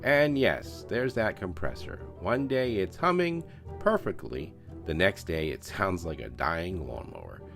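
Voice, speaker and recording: A man's voice: sits low, big pitch swings, a little slow, creaky, fairly bright tone, soft background music. A man narrating a scale model build in a voice-over, with joking, self-mocking banter.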